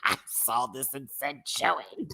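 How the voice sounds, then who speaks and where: A man's voice: mid-range voice, a little slow, vocal fry, very noisy. An American man hosting his own channel, reviewing a show in a casual live-stream rant, sassy and jokey. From United States. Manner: animated, sassy, jokey, with laughs.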